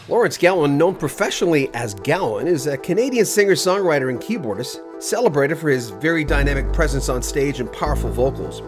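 A man's voice: on the high side, animated, breathy edge. A man hosting an interview, reading a scripted introduction before asking questions. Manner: reads a bio script, then halting questions. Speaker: interview host. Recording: faint music behind voice.

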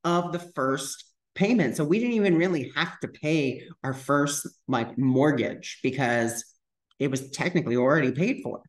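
A man's voice: on the high side, moderate pace. Chatty man telling a vlog story. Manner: chatty, full of "like" fillers, re-enacts dialogue. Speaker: spiritual vlogger.

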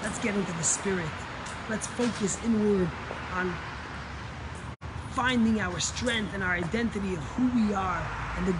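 A man giving a sermon as a rabbi, telling a story dramatically. He swells louder and higher at key moments and drops low and soft at the sad parts. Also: heavy background noise.

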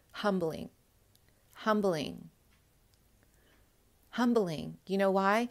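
A young woman talking casually to the camera, earnest and emphatic, often turning to address her viewers directly. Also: on the low side. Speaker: spiritual vlogger.

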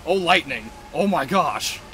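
A man giving casual gameplay commentary in an excitable, exclamatory way, swearing freely. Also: a little high, measured pace. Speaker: video game let's-player.

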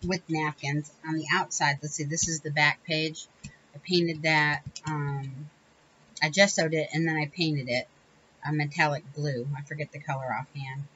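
A woman with a low, fairly even voice speaks at a normal speed, her tone a bit bright though the highs are cut off, with slight background noise. She hosts a crafting channel, chatting through a casual tutorial in a rambling, self-correcting way with small laughs.

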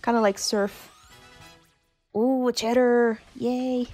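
A woman's voice: on the high side, steady tone, slow pace, warm tone, faint music behind. A woman giving casual, giggly, chatty commentary while playing a video game. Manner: giggly, chatty, self-deprecating. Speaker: let's-play host.

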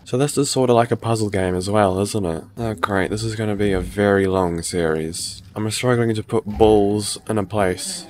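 A man's voice: lowish voice, normal speed, few pauses, darkish tone. A man, feeling a bit sick, giving casual, joking let's-play commentary and swearing often. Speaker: gaming YouTuber.

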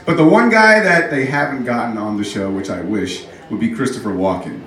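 A man's voice: mid-range voice, fairly quick, sharp tone. A man doing a stand-up set in a comedy club, rambling, self-mocking and bantering with the audience. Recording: roomy club, mic from far off.

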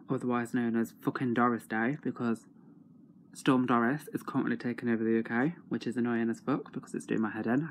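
A young man with a freely swearing, excitable manner, chatting casually at home in a video diary. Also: mid-range voice, slight background noise. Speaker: autograph collector vlogger.

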